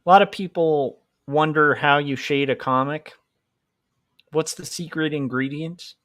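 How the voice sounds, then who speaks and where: A man's voice: on the high side, a little slow, fairly bright tone, no room sound, studio quality. A man hosting a casual livestream while drawing, rambling and joking at his own expense. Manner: joking, rambling, self-mocking. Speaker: livestream host, comic artist.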